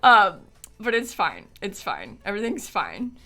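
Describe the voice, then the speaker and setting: A young woman chats on a live stream in a high, bright voice, shaken and close to tears. She rambles, filling her sentences with "like" and "um" and breaking into nervous laughs. Soft music plays faintly behind her. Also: animated, normal speed. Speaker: game streamer. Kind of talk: casual live-stream chat.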